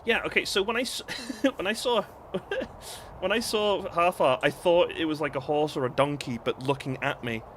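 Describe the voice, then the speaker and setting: A man's voice: a little high, normal speed, fairly bright tone, a little hiss or hum. A young man with a Northern English accent, rambling and giggling through casual live-stream commentary on a game. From northern England. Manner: giggly, rambling, breaks into laughter.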